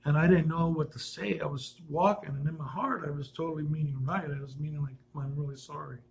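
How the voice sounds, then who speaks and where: A man with a gravelly, fairly high voice tells his own stories in a loose, casual way. He wanders, restarts sentences and corrects himself, chuckling now and then as he talks. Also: fairly even intonation, a little fast, a little mellow, poor audio. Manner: rambling, with frequent restarts and self-corrections; chuckles while telling stories. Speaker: vlogger telling personal stories. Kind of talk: casual personal storytelling.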